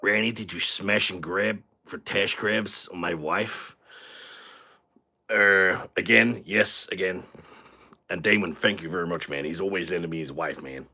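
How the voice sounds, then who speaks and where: A crude, boastful drunk man, put on by a live-stream host, rowdy and swaggering. His voice sits very low with a husky grain, yet it cuts through with a bright, forceful edge. He sounds tipsy from the shots he keeps taking. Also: measured pace, full character voice. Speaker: livestream host. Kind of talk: live stream chat in character.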